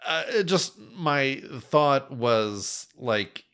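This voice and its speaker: A man's voice: medium pitch, animated, extremely slow, a bit bright, clean tone. A man co-hosting a film podcast, talking casually and rambling with many fillers and restarts. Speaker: podcast co-host.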